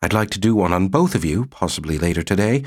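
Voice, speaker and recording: A man's voice: deep voice, animated, fast talker, darkish tone. A man voicing a skinny, pedantic male colony psychologist with a clinical, lecturing manner.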